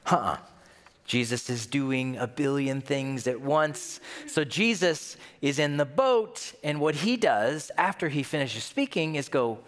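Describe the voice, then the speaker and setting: Animated man preaching in an echoing hall. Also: mid-range voice, measured pace. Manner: animated, conversational, acts out scenes. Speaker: pastor. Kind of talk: sermon.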